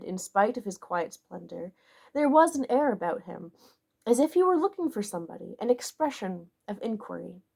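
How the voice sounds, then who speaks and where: This is a woman reading a classic novel aloud as an audiobook. Her delivery is measured and expressive, and she shapes each sentence with care. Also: medium pitch. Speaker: audiobook narrator.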